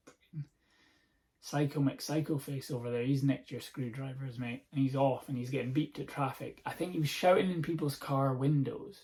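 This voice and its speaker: A Scottish man hosting a podcast, telling a comic story in a sweary, animated, rambling way. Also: mid-range voice, moderate pace. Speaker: podcast host. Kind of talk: comedic storytelling monologue.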